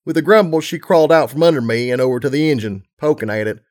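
A man's voice: mid-range voice, quick pace, darkish tone. Man reading a story aloud. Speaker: narrator. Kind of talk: audiobook reading of fan fiction.

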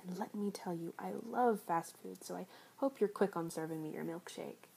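A young woman voicing a teasing, foul-mouthed young fast-food worker in an adult audio role-play, often dropping into a breathy whisper. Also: fairly low pitch, dark tone. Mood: mocking. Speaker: voice actor.

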